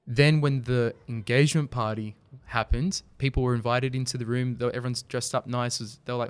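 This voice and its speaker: A man speaking in a smooth, clean voice at a middle pitch. He tells stories earnestly as a podcast guest and livens up when he makes a point. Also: fairly quick, few pauses, no room sound. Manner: earnest, storytelling, animated when making a point. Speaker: podcast guest, video company founder. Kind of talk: casual conversational interview.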